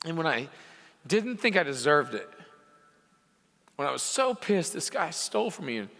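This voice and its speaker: A man's voice: fairly high pitch, very animated, moderate pace, vocal fry, pushed and bright. A man coaching repair shop owners in a motivational speech to a live audience, impassioned, pushing into emphatic peaks. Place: conference hall. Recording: hall reverb from a live venue.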